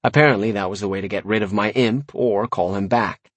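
A man's voice: fairly low pitch, a little fast, dry recording. Wry man narrating a fantasy audiobook. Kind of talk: first-person fantasy narration.

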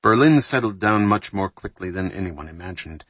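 A man reading a thriller audiobook aloud in a measured, steady narration, lightly voicing the dialogue. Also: sits low, no room sound.

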